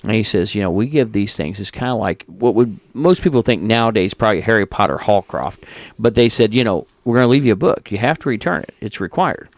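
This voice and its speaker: A man's voice: fairly low pitch, brisk, dry recording. A middle-aged man from Indiana, co-hosting a podcast, telling rambling anecdotes with a lot of tangents. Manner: tangent-prone, animated anecdotes with quoted voices. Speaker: podcast co-host. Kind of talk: rambling casual chat, storytelling.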